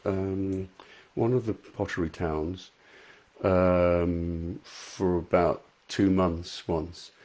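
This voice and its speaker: A man's voice: sits low, steady tone, extremely slow, a little mellow. A middle-aged English man chatting casually with live viewers as an author, reading out their comments. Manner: chatty, self-deprecating, reads out viewer comments. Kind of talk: casual live-stream chat.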